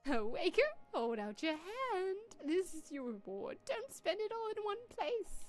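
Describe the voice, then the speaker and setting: A woman's voice: very high-pitched, very animated, unhurried, soft background music, pitched above the performer's own voice, exaggerated voice. A woman voicing a sweet, motherly village woman who gushes over a gift. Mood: gushing. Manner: gushing, doting.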